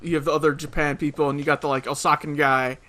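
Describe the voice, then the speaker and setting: A man from California jumps into a casual podcast chat with quick, animated anecdotes and a lot of laughter. His voice is a little high and very bright. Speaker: podcast co-host.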